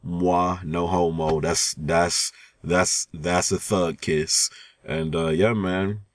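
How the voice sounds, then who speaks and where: A man's voice: low-pitched, fairly even intonation, slow pace, slight background noise. A young man thanking viewers in a casual vlog, rambling with lots of fillers and restarts in a laid-back, slangy way. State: sleepy. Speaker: YouTuber.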